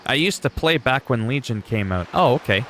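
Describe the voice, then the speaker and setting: A man streaming a game, chatting casually and rambling as he thinks out loud. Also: mid-range voice, lively intonation, normal speed, slight background noise. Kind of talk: casual gameplay chat.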